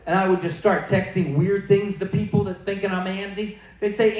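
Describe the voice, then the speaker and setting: This Canadian comic has a high-pitched, darkish voice that holds a steady tone at normal speed with few pauses. Onstage before an audience, he spins a long story and performs text messages in assorted voices, recorded in an echoey room.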